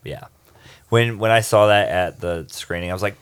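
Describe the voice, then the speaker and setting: A man's voice: fairly low pitch, moderate pace, clear, resonant tone, dry recording. A man hosting a podcast, laid-back and hesitant, with restarts in casual chat. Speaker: podcast host.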